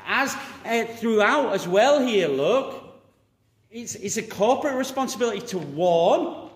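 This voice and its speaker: A man preaching a sermon, exhorting and animated, rising loud and dropping quiet. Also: high voice, measured pace, echoey room, big-room sound.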